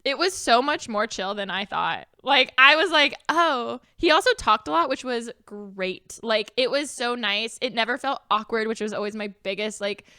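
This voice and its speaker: Bright-voiced bubbly young woman chatting. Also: a little high, animated, normal speed, few pauses, smooth, no room sound, studio quality. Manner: chatty, bubbly storytelling with many fillers. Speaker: podcast co-host. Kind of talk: casual chat.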